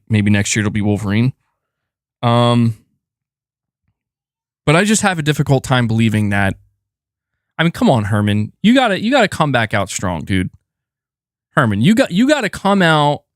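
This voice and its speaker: A man doing casual live-stream commentary on gaming news, animated and slangy, laughing often and acting out mock exchanges. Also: mid-range voice, dry recording, studio quality.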